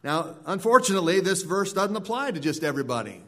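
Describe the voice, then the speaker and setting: A man delivers a sermon in an earnest preaching voice that sits a little high for a man. He often repeats words and restarts his phrases as he works through a point. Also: big pitch swings, fast, a bit bright. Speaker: pastor.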